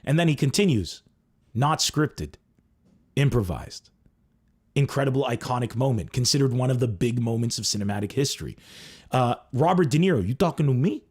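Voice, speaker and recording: Male comedian host, casual monologue, swooping expressive voice, acts out quotes. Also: mid-range voice, brisk, husky. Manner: animated, acts out quoted lines.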